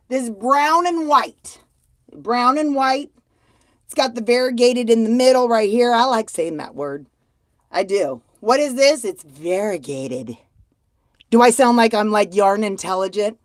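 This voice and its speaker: Streaming live from home, a woman with a fairly high-pitched voice chats casually while showing off her handmade blankets, folksy and self-mocking. There is no echo.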